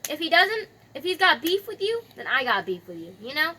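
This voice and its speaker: A woman's voice: high-pitched, very animated, fairly quick, bright, forceful tone, heavily acted, poor audio. Woman voicing a slangy bragging God. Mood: scolding. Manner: chatty slangy retelling, bragging. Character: boastful casual male God, all-powerful.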